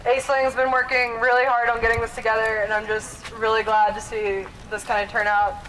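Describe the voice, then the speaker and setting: A woman's voice: on the high side, little pitch movement, a little fast, fairly bright tone, a little hiss or hum, poor audio. A nervous woman giving a short speech at an outdoor protest rally, laughing between phrases. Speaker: rally speaker.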